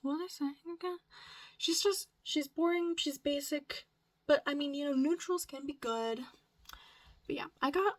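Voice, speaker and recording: High-voiced gushing young woman vlogger. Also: normal speed. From US Midwest. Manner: chatty, gushing, swears casually, drops into whispers. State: voice cracking. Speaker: crochet vlogger. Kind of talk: casual chat.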